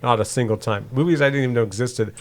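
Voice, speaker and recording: A man co-hosting a podcast narrates his video game play while he plays, chatting casually and laughing easily. He has a medium pitch and talks fast.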